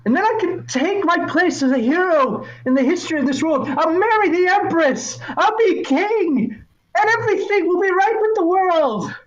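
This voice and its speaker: A man voicing a brash young boy who thinks he is a hero, shouting high and strained. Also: expressive, normal speed, lo-fi sound. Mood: defiant.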